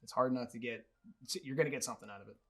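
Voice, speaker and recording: A man talks fast and eagerly as a guest musician in a casual interview. His voice sits in a middle pitch, and he stresses his points emphatically with frequent laughs. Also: steady tone, a bit bright.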